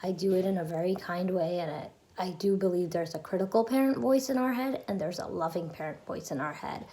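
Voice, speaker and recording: A woman's voice: on the low side, fairly quick, dark tone. A woman giving a casual, earnest self-help talk to her channel's viewers, chatty and full of fillers. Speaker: YouTuber.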